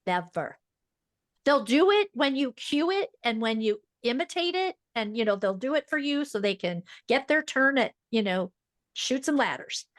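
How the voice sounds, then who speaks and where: A woman who is a speech-language pathologist, speaking as a podcast guest in a fast, emphatic, teacherly way. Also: sits high, lively intonation, no echo, studio quality. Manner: fast-talking. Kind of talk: podcast interview.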